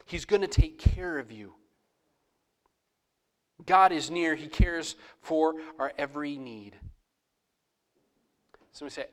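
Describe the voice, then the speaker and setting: A man's voice: fairly high pitch, takes it slowly, long pauses. A middle-aged man preaching a sermon as pastor, conversational, acting out prayers aloud in his own voice.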